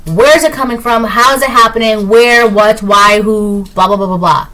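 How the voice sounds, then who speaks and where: Her fairly high, pushed and bright voice comes through at normal speed on poor audio with a little hiss or hum. Giving a casual tarot reading, she is breezy and dismissive, tossing in "like," "right?" and a repeated "blah, blah" as she rambles.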